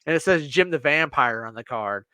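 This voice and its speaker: Podcast guy, bright punchy voice, slightly high, retelling tv scenes all excited, dry close mic. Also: fairly quick, smooth, no room sound. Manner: animated retelling, acting out scenes. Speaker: podcast co-host. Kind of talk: casual chat.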